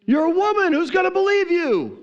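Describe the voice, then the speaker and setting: A preacher voicing scornful, greedy men from the town who mock a widow. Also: male voice, very high-pitched, very animated, fairly quick, in a large hall, highs cut off, pitched above the performer's own voice. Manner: mocking, dismissive.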